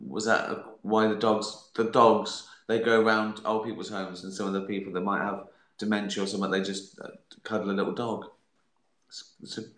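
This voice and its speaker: A man's voice: deep voice, a bit bright. A middle-aged man hosting a casual live stream, answering viewer questions in a rambling, hesitant way with dry jokes. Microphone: phone streaming live. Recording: roomy, echoey room sound.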